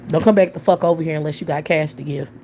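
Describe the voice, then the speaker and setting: A woman's voice: low voice, steady tone, quick pace, mellow, slight background noise. A woman hosting a livestream, ranting bluntly with heavy profanity. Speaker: livestream host. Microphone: computer or phone mic on a livestream.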